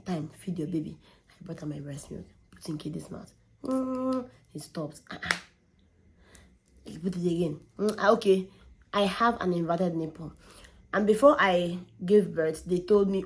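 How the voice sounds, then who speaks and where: A young woman, telling a candid personal story in an animated way and often repeating words for emphasis. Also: lowish voice, moderate pace. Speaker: vlogger.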